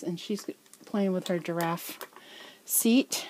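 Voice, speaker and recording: Woman vlogger, slow and unhurried, slightly low voice, a bit out of breath, faint room hiss. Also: warm tone. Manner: chatty, doting, halting with fillers and restarts. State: a little out of breath. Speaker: reborn doll collector, channel host. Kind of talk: casual show-and-tell vlog. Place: home nursery room, indoors.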